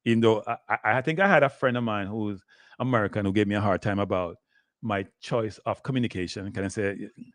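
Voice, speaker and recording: A lowish, brisk, fairly bright male voice with no room sound belongs to an older Jamaican man running a rambling live sports talk stream. He shifts into patois and keeps calling out to his viewers as "people."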